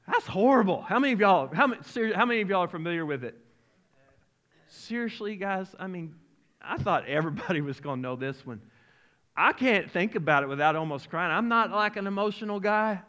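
A pastor preaching in a folksy, animated way, stumbling over his words as he speaks. His voice sits a little high for a man. He leans into emotional storytelling. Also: a little fast. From Arkansas-Oklahoma region. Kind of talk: sermon.

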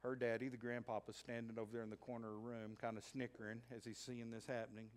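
Male pastor, mid-pitched, animated sermon storyteller who bursts into shouts for emphasis. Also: quick pace, hardly any pauses. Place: church sanctuary.

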